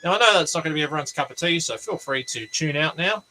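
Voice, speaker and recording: A man's voice: fairly high pitch, lively intonation, quick pace, bright, forceful tone, a little hiss or hum, low-quality recording. An Australian man chatting casually as a vlog host, rambling and joking at his own expense. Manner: joking, self-deprecating, rambling asides. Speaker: channel host.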